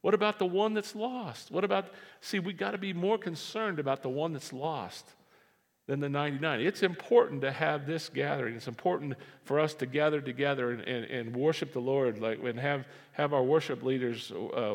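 Gravelly pastor preaching in an echoing hall. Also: male voice, on the high side, normal speed. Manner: animated, repeats phrases for emphasis. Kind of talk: sermon. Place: church sanctuary. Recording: reverberant hall.

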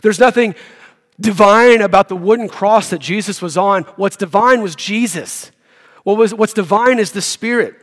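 A man with a voice that sits high preaches a sermon as a guest pastor in a church hall, speaking at a moderate pace. He reads scripture and adds casual, joking asides, and the hall's long reverb is audible.

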